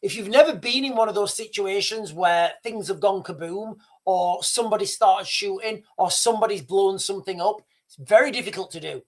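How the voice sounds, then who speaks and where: This British man talks on his live stream in a high voice, a little fast, loosely rambling in casual monologue. Sentences get restarted, he doubles back on what he said, and a self-directed chuckle slips out.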